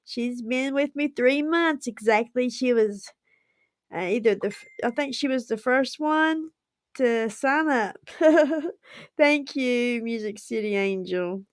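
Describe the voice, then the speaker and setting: A woman's voice: fairly high pitch, slow, no room sound, studio quality. A woman, hosting a casual livestream and chatting effusively with frequent giggles. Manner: effusive and giggly, laughs often. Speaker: livestream host.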